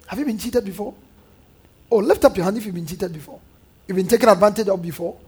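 In a quick-paced, lively sermon, a male pastor with a husky, high-sitting voice keeps turning to his congregation for call-and-response. He also parrots the lines of scoffers.

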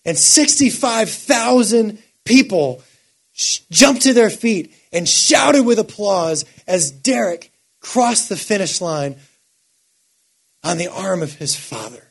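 A man preaching a sermon, swinging from quiet, measured lines up to impassioned shouting. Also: high-pitched, lively intonation, husky. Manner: builds to impassioned shouting, then drops quiet.

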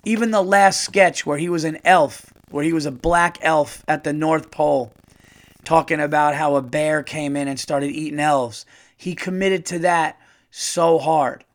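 A man hosting his own podcast as a comedian, talking in a casual monologue, profane and animated, rambling with restarts. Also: a little high, a little slow.

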